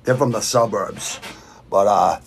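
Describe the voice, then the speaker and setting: A man's voice: fairly low pitch, unhurried, slight background noise. A middle-aged man from Boston with a Boston accent, hosting a fight podcast in a blunt, rambling, profane rant while reading viewer comments. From Southwest Quincy, Massachusetts. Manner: blunt, rambling, heavy swearing. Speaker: podcast host.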